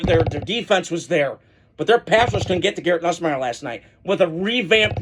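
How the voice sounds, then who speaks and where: A man's voice: high-pitched, fairly bright tone. A man hosting a college football podcast, giving casual, opinionated solo commentary with rambling asides and frequent restarts.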